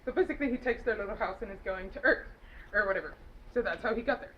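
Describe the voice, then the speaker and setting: A movie reviewer with a fast, mid-range female voice loosely retells a film's plot, giggling and filling it with fillers and self-corrections. It's a casual, rambling recap captured in a dull lo-fi home recording with faint noise.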